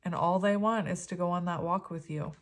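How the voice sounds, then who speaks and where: A woman's voice: on the low side, steady tone, brisk. Chatty woman doing a tarot reading. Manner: chatty, gushing, lots of "um"s and restarts. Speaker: tarot reader. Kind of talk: pick-a-card tarot reading.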